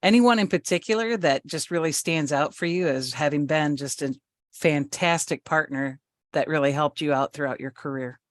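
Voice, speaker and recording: A woman's voice: low-pitched, moderate pace, no echo. A woman hosting a podcast, asking long, encouraging questions about a guest's career. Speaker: podcast host. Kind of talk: interview questions.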